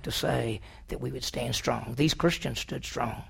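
A man preaching a sermon to a congregation in a church hall, swinging from loud emphasis to hushed near-whispers and putting questions to the room. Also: mid-range voice, unhurried, vocal fry, few pauses, breathy edge. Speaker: pastor.

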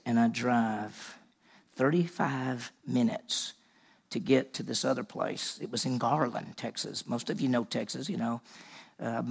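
Gravelly husky guy from mississippi, animated storyteller in a sermon. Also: medium pitch. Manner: animated storyteller acting out dialogue. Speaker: preacher telling a personal story. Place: large room with audience.

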